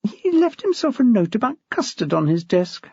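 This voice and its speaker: Male narrator puts on a young ambitious woman, pressing and flustered, lively and a touch gravelly. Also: sits high, moderate pace, dry recording, voice pushed up, exaggerated voice. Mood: insistent. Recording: dull dry lo-fi recording.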